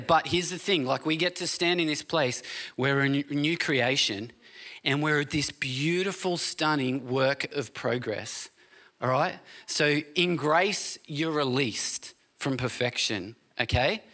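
A man delivers a sermon in church, loose and conversational, pausing often to ask "all right?" to keep the room with him. His voice is bright and forceful, and his pitch sits right in the middle. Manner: casual, keeps checking in with "all right?" and "okay?". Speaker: pastor. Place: church service.

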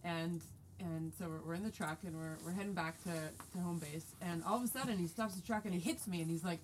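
Lively woman in her forties, storytelling. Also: fairly low pitch, quick pace, a little hiss or hum. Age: 40s. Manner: lively, animated retelling with quoted dialogue. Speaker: guest telling a hunting story. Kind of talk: casual storytelling.

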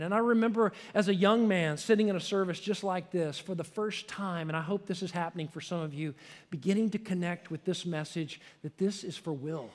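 A middle-aged man preaching a sermon as a pastor, leading an altar call and prayer, impassioned and swelling to loud peaks before dropping soft. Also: sits high. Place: large church sanctuary. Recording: long hall reverb.

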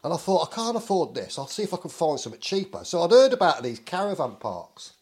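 A middle-aged man from England tells a story among friends. He swears constantly and slips into the voices of the people he talks about. His pitch sits a little high and swings widely. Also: big pitch swings, quick pace, a little mellow. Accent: English. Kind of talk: casual anecdote.

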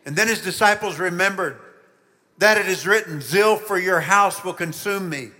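A man preaching a children's sermon, telling the story with lively emphasis and asking the listeners questions. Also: sits high, moderate pace, long reverb tail. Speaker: pastor.

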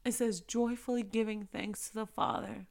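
A woman's voice: mid-range voice, fairly even intonation, creaky, a little mellow. Preachy, encouraging woman giving a faith talk. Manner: preachy and encouraging, slows down to stress phrases, talks straight to her listeners. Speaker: Christian devotional speaker. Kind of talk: casual faith talk to women.

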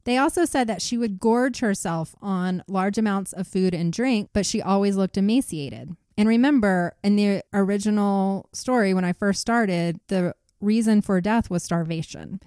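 A woman's voice: medium pitch, moderate pace, hardly any pauses, a little mellow, clean tone, no room sound, clean studio sound. A woman hosting a casual true-crime podcast, telling the story and laughing often with her co-host.

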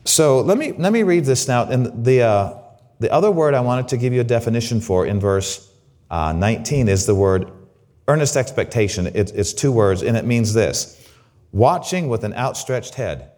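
A middle-aged man delivers a sermon as a guest pastor. His pitch swings widely as he preaches, and he often repeats his words. Now and then he acts out shouts of praise. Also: lively intonation, moderate pace.

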